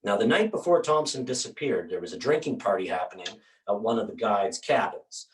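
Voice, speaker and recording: A man performing a one-man theatre show. He tells the story in an animated way with dramatic asides, and paints on stage while he talks. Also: fairly low pitch, fairly quick. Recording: roomy stage sound from a distance.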